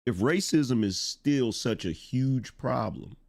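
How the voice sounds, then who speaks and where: A man's voice: mid-range voice, expressive, slow, creaky, a little mellow. A middle-aged man hosting a live-stream commentary show, reading viewer chat in a blunt, emphatic way, repeating lines for effect and swearing.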